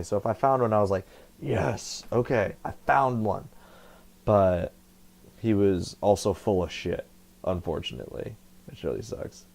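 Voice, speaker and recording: A young man talks loosely to his camera, drifting between thoughts, swearing freely and catching his own slips. His voice sits low and crackles with vocal fry. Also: mellow. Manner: meandering, profane, self-correcting. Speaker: vlogger. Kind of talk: casual rambling monologue. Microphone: computer headset setup.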